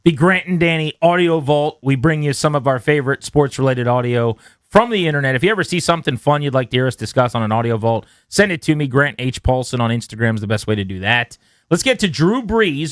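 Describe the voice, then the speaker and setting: A man's voice: a little high, fairly quick, a bit bright, no room sound, clean studio sound. A man co-hosting a sports radio show, talking through football analysis in a conversational, probing way. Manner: conversational, analytical, drills into points. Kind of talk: casual sports talk.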